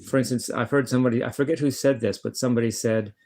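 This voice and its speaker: A man's voice: mid-range voice, fairly even intonation, fast talker, a little mellow. A man talking casually to the camera in a blunt, rambling monologue, often swearing and stumbling over his words as he restarts sentences. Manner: blunt, swears, many restarts and stammered repeats. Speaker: vlogger, guitarist.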